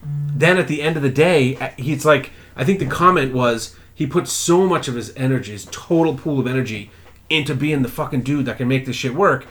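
A man in casual chat, recounting stories with lots of swearing and quick bursts of acted-out voices. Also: medium pitch, soft background music. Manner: profane, animated storyteller who acts out characters.

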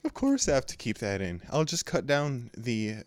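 A man's voice: mid-range voice, huge pitch swings, normal speed, crowd noise. A young man from California chatting casually as a podcast co-host, rambling and jokey, often laughing.

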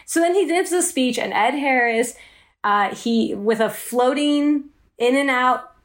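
A woman's voice: high-pitched, a little slow. A woman hosting a podcast, retelling a film in a casual, jokey way and acting out quotes. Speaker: podcast host. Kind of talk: casual chat.

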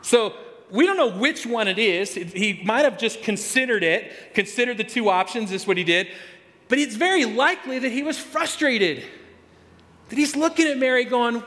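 A man with a notably high voice preaches a sermon in a conversational way. He often restarts and repeats words, then leans hard on the key phrases. His voice rings out with the long reverb of a large hall. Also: very animated, normal speed, a bit bright. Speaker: pastor.

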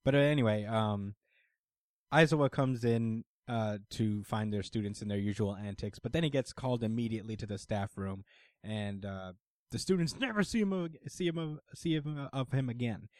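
A man's voice: mid-range voice, expressive, moderate pace, no room sound, studio quality. A man hosting a casual podcast, recapping an anime episode in a laid-back way, with frequent laughs and fillers. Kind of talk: casual group chat.

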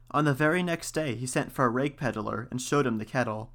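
A storyteller with a mid-range voice reads an old folktale aloud. He keeps a calm, unhurried pace and gives the characters light voices.

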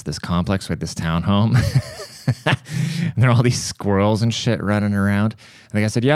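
A male podcast host telling rambling stories with plenty of swearing and frequent laughter. His voice sits a little low. The sound is dry and close, with no room echo. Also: a little mellow, clean tone. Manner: crude, profane, laughs often. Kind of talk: casual comedic storytelling.

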